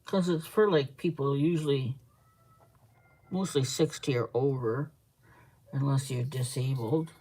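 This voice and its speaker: A woman's voice: a bass voice, measured pace, pauses often, mellow, breathy edge, poor audio. A woman hosting a casual live stream, rambling and chatting with viewers as she reads their comments aloud. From Canada. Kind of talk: casual live-stream chat while crafting.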